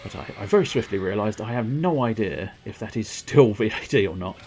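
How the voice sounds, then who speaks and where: A man's voice: on the low side, expressive, fairly quick, a little mellow, slightly rough. Self-mocking man streaming a game. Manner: rambling self-mocking banter with swearing. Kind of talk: casual gameplay commentary.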